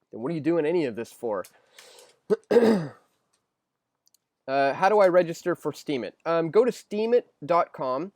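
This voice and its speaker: A young man hosts a loose live stream, reading out viewer questions and answering in a rambling way, full of ums and restarts. His voice sits a bit high for a man. The sound is dry and close, with no room around it. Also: a little mellow, smooth, dry recording. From Canada. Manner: rambling, filler-heavy, restarts often.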